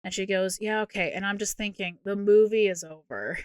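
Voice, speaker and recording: A woman co-hosting a movie podcast, recounting a film's plot in casual, exasperated, animated chat with plenty of swearing. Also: mid-range voice, fairly quick, smooth, no echo, clean studio sound. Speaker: podcast co-host.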